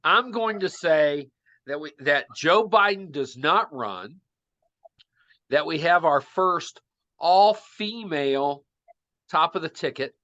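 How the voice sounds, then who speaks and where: A man's voice: on the high side, animated, slow, pushed and bright, dull audio. A man co-hosting a podcast, chatting casually about politics and making bold predictions. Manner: opinionated, makes bold predictions. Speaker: podcast co-host.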